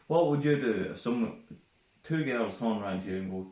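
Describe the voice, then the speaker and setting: A man's voice: medium pitch, expressive, moderate pace, mellow, echoey room, recorded from a distance. Laughing man telling a story. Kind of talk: casual storytelling.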